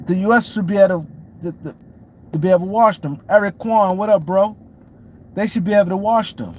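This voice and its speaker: A man's voice: high-pitched, fairly quick, slight background noise. A man hosting a casual sports talk stream, repeating points and greeting viewers by name. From New York City. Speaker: show host. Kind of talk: casual sports commentary livestream.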